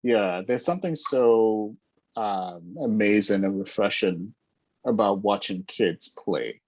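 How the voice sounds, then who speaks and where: A man's voice: on the low side, takes it slowly, a little mellow, no room sound. A man co-hosting a podcast, telling an easygoing, amused story in casual chat. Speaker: podcast co-host. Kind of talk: casual anecdote.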